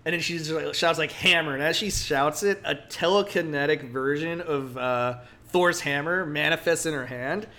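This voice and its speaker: A man's voice: a little high, moderate pace, hardly any pauses. A man co-hosting a casual podcast, retelling a comic book story with lots of "like" and acted-out quotes. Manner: animated storytelling, acts out quotes, heavy "like" filler. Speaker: podcast co-host.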